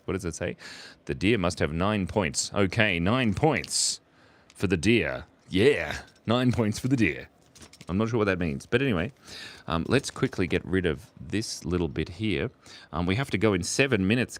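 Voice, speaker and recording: A young man on a casual live stream, drawing while chatting playfully, reading chat messages aloud and laughing often. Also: on the low side. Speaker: livestream artist drawing for chat.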